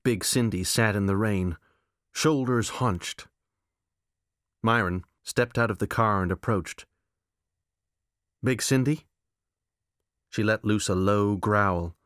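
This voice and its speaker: A man narrating a novel in a measured, deadpan, wry way. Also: on the low side, no room sound, studio quality. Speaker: audiobook narrator. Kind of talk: scripted narration.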